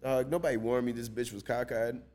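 A man's voice: mid-range voice, a little fast, very noisy. A young man, a podcast guest, telling stories in casual chat with lots of slang, swearing and laughter. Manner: animated, laughing storyteller with heavy slang and swearing.

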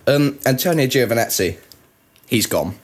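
A man's voice: medium pitch, animated, normal speed, slight background noise. A man co-hosting a podcast in casual chat, wry and self-deprecating, often laughing as he talks. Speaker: podcast co-host.

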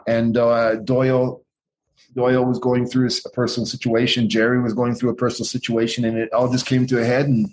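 A man's voice: mid-range voice, monotone, brisk, darkish tone. Profane rambling man telling stories. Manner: profane, rambling, acts out quoted voices. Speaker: guest, former pro wrestler. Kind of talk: casual storytelling interview.

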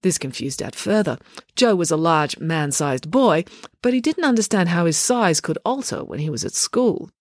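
Woman, storybook narrator, lively intonation, fairly low voice, dry recording. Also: normal speed, no echo. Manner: expressive, animated storytelling. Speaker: audiobook narrator. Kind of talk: storybook reading.

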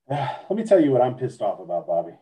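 A man with a warm, mellow voice co-hosting a podcast. He talks in a loose, crude, joking way and reads slang entries aloud. His delivery is relaxed and casual. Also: medium pitch, normal speed, slightly rough, rough recording. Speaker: podcast co-host. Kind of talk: casual chat.

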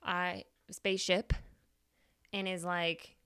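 A woman's voice: low voice, normal speed, fairly bright tone, clean tone, no room sound, studio quality. A woman hosting a podcast, telling a story in a chatty, casual way with free swearing. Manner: chatty, swears freely, laughs. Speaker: podcast host.

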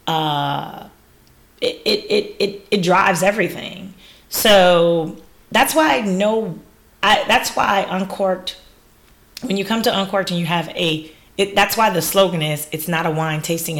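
A woman who runs wine classes, talking on a podcast in a lively, laughing, exclamatory way. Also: lowish voice, measured pace. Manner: animated, laughing, exclamatory storyteller. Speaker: wine educator and business owner. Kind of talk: casual podcast interview.

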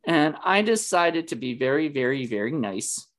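A man's voice: on the high side, big pitch swings, moderate pace, fairly bright tone. A man hosting a casual movie discussion, rambling with many fillers and restarts. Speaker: podcast host.

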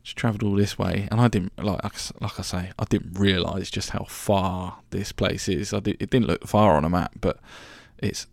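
A man's voice: deep voice, fairly even intonation, normal speed, vocal fry, few pauses, no room sound, studio quality. A young man telling a rambling, sweary story about his travels as a podcast host. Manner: chatty, rambling, sweary, full of restarts. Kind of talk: casual storytelling monologue.

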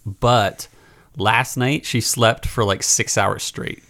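Male podcast host, lowish gravelly voice, relaxed and jokey. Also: slow. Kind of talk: casual chat.

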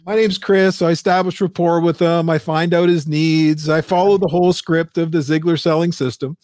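A man in his fifties, a business founder telling a lively story as an interview guest, acting out the quotes. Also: a little fast, no echo, studio quality. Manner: animated storyteller, acts out quotes in a high squeal.

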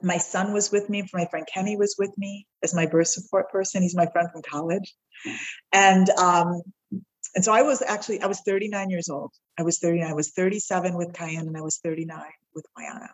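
A woman's voice: lowish voice, steady tone, brisk, low-quality recording. A woman guest on a podcast, telling a heartfelt personal story and acting out the voices of the people in it. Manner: heartfelt, acts out the quoted voices.

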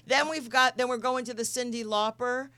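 A woman hosting a casual group chat, lively and quick to laugh, with some casual swearing. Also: a little high. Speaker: host.

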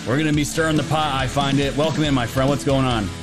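A man's voice: mid-range voice, fairly even intonation, quick pace. Rambling male livestream host over music. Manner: rambling, jokey, loose with filler words. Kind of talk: casual political livestream talk. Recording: music playing underneath.

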